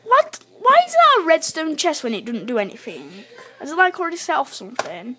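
High-voiced woman narrating her gameplay. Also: a little fast, slight background noise. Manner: chatty, talks to self, excitable outbursts. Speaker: gamer. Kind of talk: live gameplay commentary.

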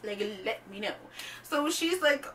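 A young woman vlogger tells a storytime rant in a blunt, sassy way, swearing often and leaning on fillers. Her voice is bright and sharp and sits a bit high for a woman. She is recorded somewhat far from the mic, with a faint noise underneath. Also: expressive, unhurried.

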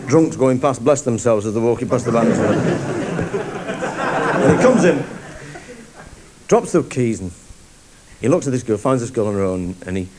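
A man's voice: medium pitch, dark tone. A man doing live stand-up comedy on stage, telling a rambling, mocking story to an audience.

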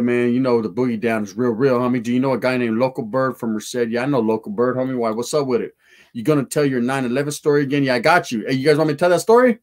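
A man hosting a casual livestream, reading viewer comments aloud in profane street slang mixed with Spanish words. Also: mid-range voice. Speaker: livestream host.

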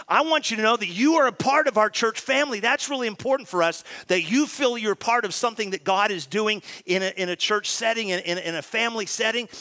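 High, bright-voiced male pastor preaching. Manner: lively, talks straight to the congregation with questions. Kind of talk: sermon. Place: church sanctuary.

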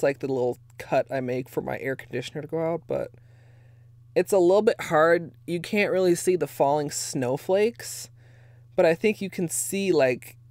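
A woman's voice: low-pitched, a little mellow, no echo. Chatty rambling woman streamer. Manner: rambling and chatty, full of "like" fillers, answers chat comments. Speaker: nail polish livestream host. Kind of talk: casual livestream chat with viewers. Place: her bedroom at home. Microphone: desk mic, moves away from it at times.

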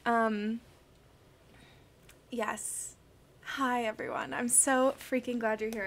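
A woman's voice: fairly high pitch, steady tone, drawn-out words, pauses often. A young woman streaming a crossword session, chatting casually and gushing as she greets viewers by name. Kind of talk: casual livestream chat.

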